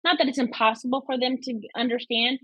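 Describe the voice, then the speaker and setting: A woman's voice: a little high, level tone, quick pace, fairly bright tone, husky, no echo, rough recording. Texan woman musing in a dry recording. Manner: thoughtful, many hedges and restarts. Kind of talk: casual podcast chat.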